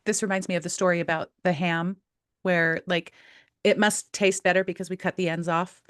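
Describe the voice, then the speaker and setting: A woman's voice: lowish voice, steady tone, moderate pace, no room sound, studio quality. A woman co-hosting a podcast, casually telling an anecdote in an upbeat way. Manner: upbeat, tells anecdotes with acted-out dialogue. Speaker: podcast co-host. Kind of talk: casual storytelling chat.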